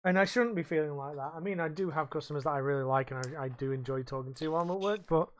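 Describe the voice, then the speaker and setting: A man's voice: a little high, rapid-fire. A man co-hosting a casual podcast, telling rambling, sweary stories from his bar work. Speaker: podcast co-host; bar worker.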